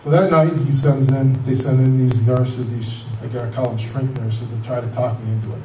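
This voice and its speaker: Speaking at a normal speed with few pauses, a mid-range-voiced man in his fifties rambles through his personal cancer story, animatedly quoting the conversations. The audio is distant and echoey, with a touch of hiss or hum.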